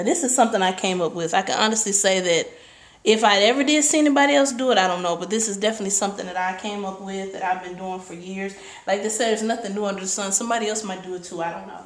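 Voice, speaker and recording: Chatty woman stylist in a roomy salon. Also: mid-range voice. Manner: chatty, explains step by step. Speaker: hairstylist, host. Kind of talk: casual hair tutorial. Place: hair salon indoors. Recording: roomy room echo.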